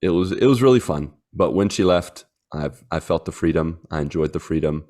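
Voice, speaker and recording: A man's voice: very deep voice, lively intonation, brisk, dark tone. A man in his thirties, co-hosting a podcast in casual chat, telling a rambling story full of fillers. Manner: rambling storyteller, many fillers, acts out his dogs in silly voices. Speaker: podcast co-host.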